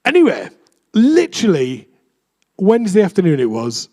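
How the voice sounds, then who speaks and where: A man's voice: fairly high pitch, expressive, moderate pace, dark tone. A young adult man, a vicar, preaching a chatty, self-deprecating sermon in a church.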